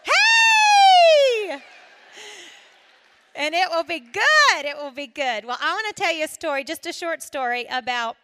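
A woman from South Carolina with a Southern accent, giving an animated testimony talk to a live audience, laughing often and dropping from loud to hushed. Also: high voice, a little fast, few pauses, slight background noise. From South Carolina, USA. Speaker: singer and speaker at a women's event.

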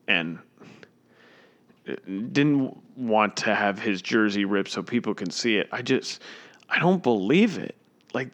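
Indignant man ranting about sports. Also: mid-range voice. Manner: indignant, emphatic, repeats himself. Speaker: sports commentator. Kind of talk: opinionated sports rant.

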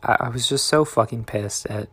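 A young man talking in a reflective, meandering, soft-spoken way in a confessional diary vlog. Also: mid-range voice, moderate pace, husky. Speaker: vlogger.

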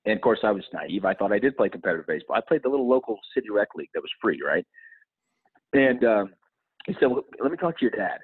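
A middle-aged man with a husky, somewhat low voice shares his story earnestly and reflectively, often stumbling and restarting. The sound is tinny and phone-like, as if heard over a remote call. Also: expressive, fast. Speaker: guest. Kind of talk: personal storytelling in an interview.

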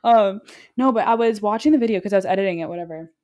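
A young adult woman co-hosting a podcast in casual chat, talking loud and fast and wandering off on tangents. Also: mid-range voice. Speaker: podcast co-host.

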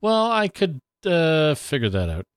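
A man's voice: on the high side, wildly swooping pitch, unhurried, clear, resonant tone, no echo, clean studio sound. A man from Canada, co-hosting a podcast in a candid, rambling way. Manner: rambling, candid, swears freely. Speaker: podcast co-host. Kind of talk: casual chat.

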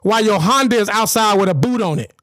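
A man's voice: sits high, animated, fast, fairly bright tone, no room sound, clean studio sound. A man co-hosting a podcast, ranting in brash, profane casual banter and talking over the others. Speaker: podcast co-host.

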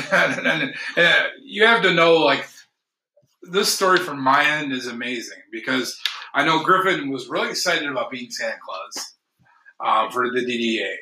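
Name: podcast host. Sex: man. Style: casual storytelling chat, animated and laughing. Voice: bright. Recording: echoey room. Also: medium pitch, moderate pace, slight background noise. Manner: animated, laughing, acts out quotes.

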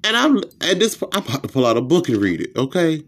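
Lively ranting man, swooping voice. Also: fast, breathy edge. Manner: animated, profane storytelling with sudden pitch jumps. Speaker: podcast host. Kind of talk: comedic rant.

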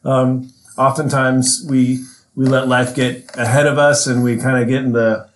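A man's voice: medium pitch, flat delivery, measured pace. A man hosting a casual podcast, upbeat and welcoming, sometimes searching for words. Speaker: podcast host. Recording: echoey room with faint noise.

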